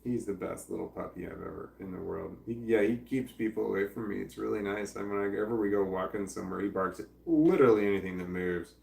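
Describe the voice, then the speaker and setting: A man rambles through a casual livestream, reading viewer comments and swearing freely. His voice is gravelly and sits at a middling pitch. He sounds a little far from the mic, in a roomy space. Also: fast, few pauses, a little mellow. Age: adult parent.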